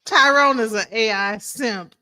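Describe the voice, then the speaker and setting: A woman's voice: fairly high pitch, a little slow, sharp tone. A woman co-hosting a livestream in casual chat, laughing and asking teasing questions. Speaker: co-host.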